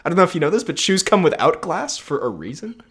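Young male co-host, casual rambling banter, frequent laughs, animated and a touch high-pitched. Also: quick pace, breathy edge. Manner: laughs often, rambling and jokey. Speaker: podcast co-host. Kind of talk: casual chat.

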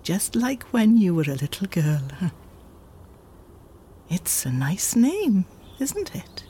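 An actress playing a dead mother, talking gently and often in a whisper to her grown daughter in a radio drama. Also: medium pitch, big pitch swings, takes it slowly, a little hiss or hum. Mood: tender. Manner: soft, often whispered, lingering.

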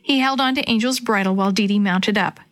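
A woman reading a children's storybook aloud in a gentle, even narration. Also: mid-range voice, quick pace.

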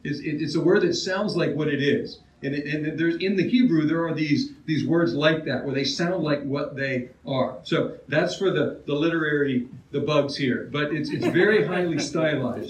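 A man preaching with a fairly high voice and an easy, conversational delivery. He restarts his phrases and asks his listeners questions as he goes. He is heard from some distance in a roomy, echoing church hall. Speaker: pastor. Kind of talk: expository sermon.

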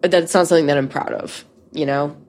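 A woman's voice: deep voice, fairly even intonation, fast, darkish tone. A woman in her twenties telling candid, profane stories as a podcast host in casual chat. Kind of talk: casual storytelling.

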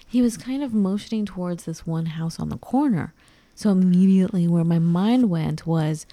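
Co-hosting a podcast, a woman tells a story in a relaxed way, animatedly voicing the quoted lines of its characters. Her pitch is medium, her pace moderate, and the recording dry.

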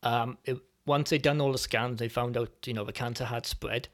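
A man as a podcast guest, speaking reflectively and hesitantly with many pauses as he tells his personal story. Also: medium pitch, fairly even intonation. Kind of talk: personal testimony in conversation.

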